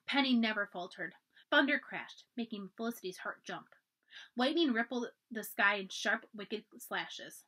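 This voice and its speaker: A woman librarian reading a children's storybook aloud, expressive and often dropping to a hush for the dramatic parts. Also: mid-range voice, measured pace.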